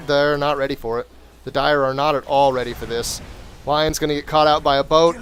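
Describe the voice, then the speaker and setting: Chatty man casting a game replay. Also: on the high side. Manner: wry, chatty play-by-play with jokes. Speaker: game caster. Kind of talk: casual game commentary.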